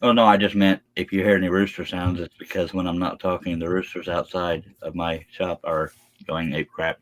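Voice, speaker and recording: While drawing a pattern live from his workshop, a scroll saw pattern maker keeps up relaxed, folksy chatter and says "y'all." His low voice is flat and moves at normal speed, with slight background noise.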